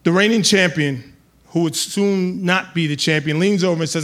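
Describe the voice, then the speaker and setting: A man telling a comic personal story live on stage, building to loud excited outbursts. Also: fairly high pitch, normal speed. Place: live venue with audience.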